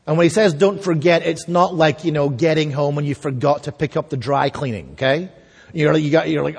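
A man's voice: a little high, expressive, brisk, gravelly, a little mellow, breathy edge. A man preaching a sermon, earnest and emphatic, asking his listeners pointed questions. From raised by a Scottish mother. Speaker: pastor. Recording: long hall reverb.

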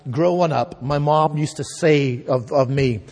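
A man's voice: on the high side, measured pace, a little mellow. A man preaching a sermon, earnest and emphatic, asking his listeners pointed questions. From raised by a Scottish mother. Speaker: pastor. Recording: long hall reverb.

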